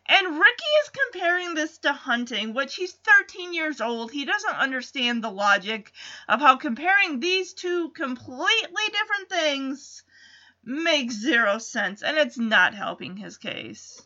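Give me a bright, chatty woman recapping a TV episode. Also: high-pitched, very animated, measured pace, muffled recording. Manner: chatty, digressive, with frequent asides and self-corrections. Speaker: podcast host recapping a TV episode. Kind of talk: casual recap commentary.

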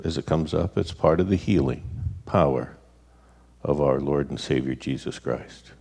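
A man's voice: rumbling low, moderate pace, gravelly, darkish tone. A male pastor speaking earnestly in a sermon, often repeating words as he gathers his thoughts.

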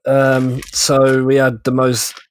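A man's voice: mid-range voice, completely flat delivery, takes it slowly. A man in a casual football chat, arguing and defending his team. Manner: argumentative, defensive. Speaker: podcast co-host.

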